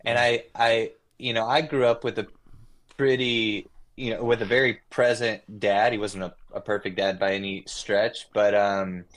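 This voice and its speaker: A man, a guest musician, talking casually and reflectively, trailing off and restarting his sentences often. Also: lowish voice. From Nashville. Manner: reflective, rambling with many restarts. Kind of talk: casual podcast conversation.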